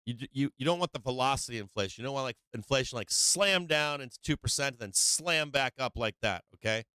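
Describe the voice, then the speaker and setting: A male stock market show host talking brash, profane, emphatic market commentary on a live stream, moving between loud emphasis and low, quieter explaining. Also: animated, fairly quick, clean tone, dry recording.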